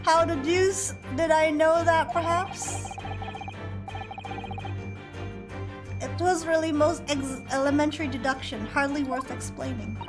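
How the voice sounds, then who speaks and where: A woman's voice: high voice, steady tone, moderate pace, over music, close to an everyday voice. A woman voicing an eccentric, pompous male detective, with a grandiose manner and a mangled mock foreign accent.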